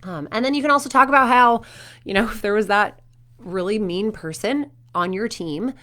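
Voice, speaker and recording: A woman's voice: medium pitch, moderate pace. A woman in her thirties, a performance coach, talking to parents and telling stories with acted quotes. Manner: animated storytelling with acted quotes.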